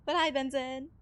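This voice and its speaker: Giggly woman streamer, slightly high voice. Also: fairly bright tone, a little hiss or hum. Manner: giggly, rambling, heavy use of "like" and "you know". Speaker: live streamer playing a cleaning game. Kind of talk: casual stream chat while gaming.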